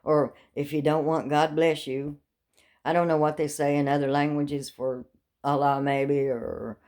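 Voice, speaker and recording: Her low-pitched voice has a level, darkish tone and moves a little slowly. This middle-aged vlogger talks at length about her life in rambling stories, joking darkly and laughing often.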